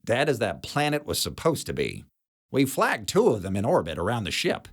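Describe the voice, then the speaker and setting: A man's voice: fairly low pitch, huge pitch swings, normal speed, pitched above the performer's own voice, full character voice. A man voicing a blunt, jaded female security chief who smokes and talks in a dry, sardonic way.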